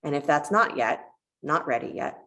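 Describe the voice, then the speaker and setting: A woman teaching a yoga class, giving calm, encouraging cues and telling a short parable along the way. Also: deep voice, normal speed. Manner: calm, encouraging cueing with a parable told in between.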